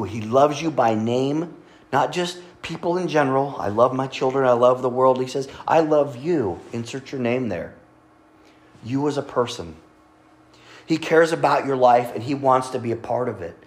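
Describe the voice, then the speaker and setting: A pastor giving a sermon in an earnest, conversational way, often restarting his words as he speaks. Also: medium pitch. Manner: earnest, conversational preaching with repeated starts.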